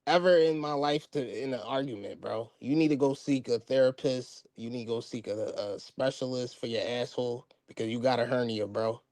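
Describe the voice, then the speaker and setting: A man's voice: medium pitch, brisk, hardly any pauses, darkish tone, dry recording. A man co-hosting a boxing podcast who mocks, laughs and argues back in a heated debate.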